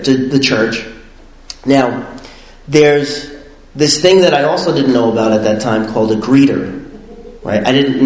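A medium-pitched man casually recounts his personal recovery story, rambling and animated, with lots of fillers and frequent laughter. The low-quality recording has a roomy sound.

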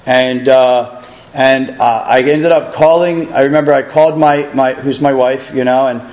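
A man's voice: mid-range voice, steady tone, normal speed, darkish tone, low-quality recording. Rambling man sharing a recovery testimony. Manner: rambling, heavy use of filler phrases. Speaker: recovery program member sharing his story. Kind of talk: personal testimony.

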